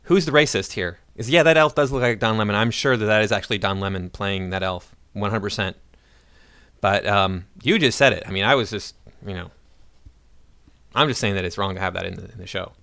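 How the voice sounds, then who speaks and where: Man, reaction commentator, sarcastic, indignant, rapid-fire, dry. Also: fairly low pitch, gravelly, sharp tone, clean tone, dry recording. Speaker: YouTube commentator.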